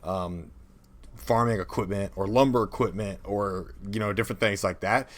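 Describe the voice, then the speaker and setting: Young male co-host, low voice, playful and halting. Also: fairly even intonation. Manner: playful, hesitant with ums. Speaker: podcast co-host, game master. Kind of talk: casual chat.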